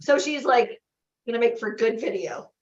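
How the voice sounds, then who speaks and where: A woman gives a lively motivational talk to a crowd, her voice a little high and full of exclamations. Her voice rings with a roomy echo, and the sound is slightly dull, as from a livestream. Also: normal speed. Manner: animated, exclaiming, asks the crowd questions. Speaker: event host. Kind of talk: motivational talk to a live audience. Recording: echoey, dull livestream audio.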